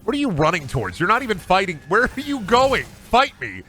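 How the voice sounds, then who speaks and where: Lively, rambling male game streamer. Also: high-pitched, a little fast, slight background noise. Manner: rambling, swears freely, lively reactions. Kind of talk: casual gaming commentary.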